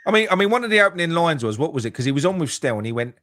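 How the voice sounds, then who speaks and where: A man co-hosting a casual football fan call-in show, sweary and quick to repeat himself. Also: a little high, big pitch swings, fairly bright tone, a little hiss or hum. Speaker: co-host.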